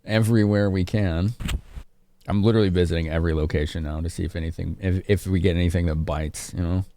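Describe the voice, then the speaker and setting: A man's voice: deep voice, fairly even intonation, fast talker, dark tone, slight background noise. A man from Chicago streaming a game live, chatting casually with his viewers. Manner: casual, chatty, laughing with chat.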